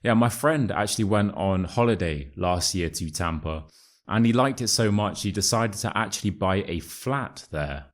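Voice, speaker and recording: A man's voice: lowish voice, animated, normal speed. A British man hosting a casual English lesson video, joking and matter-of-fact, with British slang. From United Kingdom. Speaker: English teacher, YouTube host.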